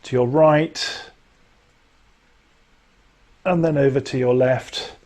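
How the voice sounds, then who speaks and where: A man coaching singers through a vocal warm-up, giving clear instructions and demonstrating breaths and lip trills. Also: medium pitch, fairly even intonation, takes it slowly. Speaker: choir director. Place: home during lockdown.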